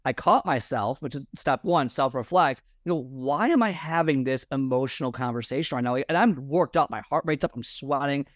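A man's voice: a little high, no room sound, studio quality. Rambling man giving casual advice. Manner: rambling, repeats himself, restarts sentences. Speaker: guest, fitness and lifestyle mentor. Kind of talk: conversational podcast advice. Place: room full of personal stuff.

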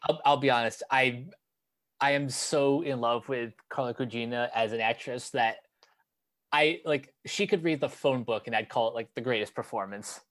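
A man's voice: mid-range voice, normal speed, fairly bright tone. Hesitant man in casual chat, full of ums. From United States. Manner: hesitant, many ums and restarts.

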